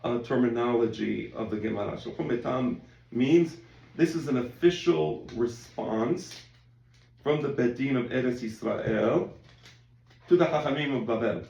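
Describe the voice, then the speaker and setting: Gravelly-voiced male rabbi teaching in an echoey room. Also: mid-range voice, unhurried, muffled recording. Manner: conversational, repeats words, quotes in animated voices. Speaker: rabbi teaching a Talmud class. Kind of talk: casual Talmud lesson.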